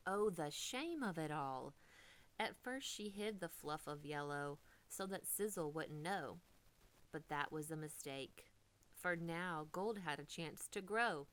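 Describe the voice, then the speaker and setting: A woman reading a children's storybook aloud, expressive and dipping into whispers for drama. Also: sits low, slow pace.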